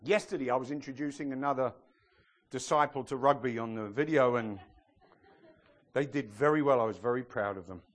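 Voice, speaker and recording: A man's voice: medium pitch, a little fast. A man preaching a sermon as pastor of a church, in a humorous, emphatic style. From outside the US.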